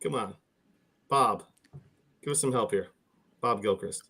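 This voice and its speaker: A man's voice: lowish voice, a little slow, vocal fry, pushed and bright, slightly rough. A man from New Jersey co-hosting a podcast, ribbing the others in casual, playful banter. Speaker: podcast co-host.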